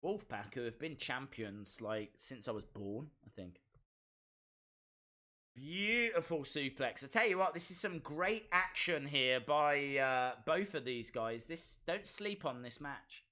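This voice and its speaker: A man hosting a live stream, reacting to a wrestling show in excitable, chatty, self-mocking commentary. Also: mid-range voice, takes it slowly.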